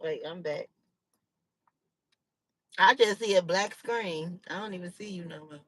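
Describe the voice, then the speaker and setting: A woman's voice: on the low side, a little slow, a little hiss or hum, rough recording. A woman, hosting a casual livestream chat from home, laughing heartily and teasing playfully. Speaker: channel host.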